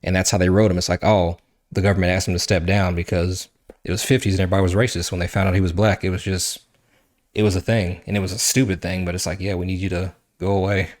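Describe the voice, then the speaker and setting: A man hosting a podcast, casually retelling a comic book story in an animated way, swearing and acting out what the characters say. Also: low-pitched, fast talker. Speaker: podcast host.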